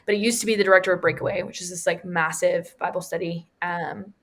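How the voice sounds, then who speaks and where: Animated woman telling a story. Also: fairly low pitch, quick pace. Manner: animated storyteller, acts out quotes, laughs often. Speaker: Bible study teacher. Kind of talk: conversational Bible teaching with storytelling.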